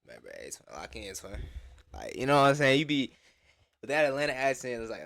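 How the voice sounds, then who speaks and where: Male reactor, crisp bright tone, relaxed profane slang with lots of fillers. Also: mid-range voice, fairly quick. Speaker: video reactor. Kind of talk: casual reaction chat.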